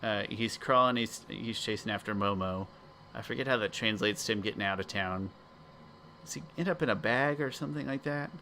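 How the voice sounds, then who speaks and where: Male co-host, thoughtful and hesitant, crisp bright tone. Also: lowish voice, a little fast, a little hiss or hum. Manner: reflective, many fillers. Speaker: podcast co-host. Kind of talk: casual chat.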